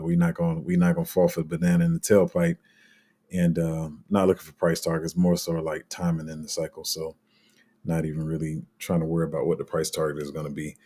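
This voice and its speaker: A man's voice: low-pitched, darkish tone, husky. A man hosting a crypto channel, talking casually to viewers in a loose, rambling way with many fillers and restarts. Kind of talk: casual unscripted commentary to viewers.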